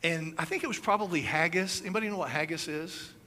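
A man in his fifties delivers a relaxed, conversational sermon, his fairly high voice bright and forceful. He tells everyday stories with playful asides and acts out little demonstrations for the congregation. A faint hum of the room sits behind him. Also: fast. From United States. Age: 50s. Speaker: pastor.

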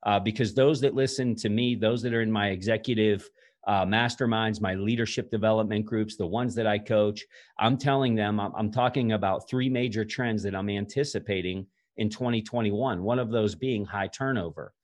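A man hosting a podcast interview, an executive coach, speaking in a measured way with many fillers. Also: fairly low pitch, steady tone. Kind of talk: interview host introduction.

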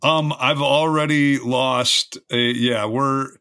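Bright, crisp-voiced man on a dry mic. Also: mid-range voice, steady tone, slow, no echo. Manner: teasing, chatty, talks through sports trivia. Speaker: podcast co-host. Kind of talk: casual podcast chat.

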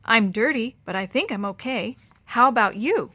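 A woman's voice: a little high, expressive, moderate pace, bright, forceful tone, no echo. A woman voicing an anxious young boy in a storybook read-aloud, speaking eagerly and worriedly in a raised voice.

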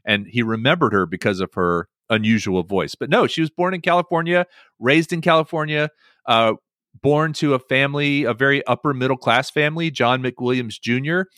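A man hosting a casual chat podcast, telling stories in an animated way with many "um"s and restarts. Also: medium pitch, moderate pace, dry recording, clean studio sound. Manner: animated storytelling with many fillers. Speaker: podcast host.

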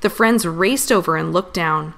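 A woman reading a children's storybook aloud in an expressive, animated way. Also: lowish voice, normal speed, gravelly.

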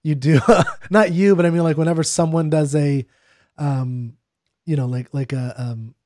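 A man's voice: on the high side, fairly even intonation, moderate pace, warm tone, no echo, studio quality. A man co-hosting a podcast, chatting casually and jokingly with lots of fillers. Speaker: podcast co-host. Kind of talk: casual chat.

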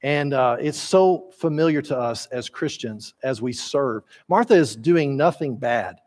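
A middle-aged man preaching a sermon, telling the story lively and acting out the voices of the people in it. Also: mid-range voice, measured pace. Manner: animated storyteller, acts out biblical voices. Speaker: pastor.

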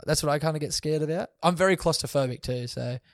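A man's voice: a little high, fast talker, dry recording. Man, young adult, casual storyteller, swears a lot, dry close recording. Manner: laid-back, swears often, laughs through stories. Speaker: guest. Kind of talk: casual storytelling in a podcast chat.

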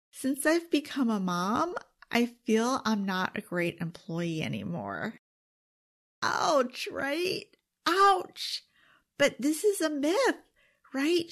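A woman in middle age talks through a solo podcast in a relaxed, chatty way. Her voice sits high and swings widely in pitch as she leans on words. She speaks at an unhurried pace and often checks in with "okay?". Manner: animated, emphatic, often asks "okay?" and laughs. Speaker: podcast host. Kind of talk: casual solo podcast talk.

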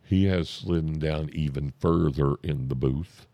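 Very deep, gravelly drawling man. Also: no echo. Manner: drawn-out, deadpan delivery with self-interruptions. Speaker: comic storyteller. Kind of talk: comic anecdote telling.

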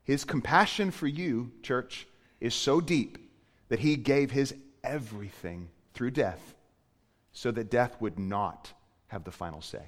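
A male pastor giving a sermon, moving between hushed, quiet passages and loud, emphatic preaching. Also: medium pitch, unhurried, in a large hall. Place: church.

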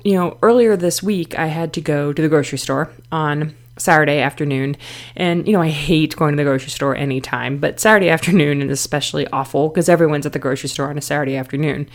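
A woman's voice: fairly low pitch, a little mellow. A middle-aged woman hosting a self-help podcast, talking in a conversational way with many fillers and restarts. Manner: conversational, frequent "you know" fillers and restarts. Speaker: podcast host. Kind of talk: casual self-help talk.

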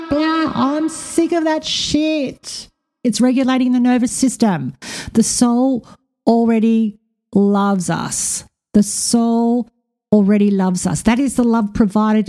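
A woman hosts a spiritual podcast in a loose, candid way, swearing freely and dropping quick asides. Her voice is mellow and warm. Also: mid-range voice. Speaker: podcast host; spiritual reader and coach. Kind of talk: casual spiritual talk.

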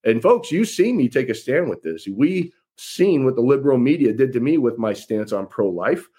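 Husky-voiced man giving a folksy campaign pitch. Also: big pitch swings, normal speed, warm tone. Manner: folksy, emphatic, repeats phrases for effect. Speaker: political candidate. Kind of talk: campaign address to followers.

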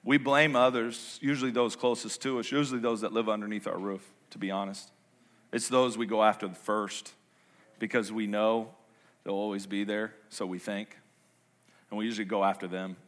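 A man preaching a sermon as pastor, conversational and playful, swinging between quiet low stretches and loud high bursts. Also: moderate pace. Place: large church sanctuary.

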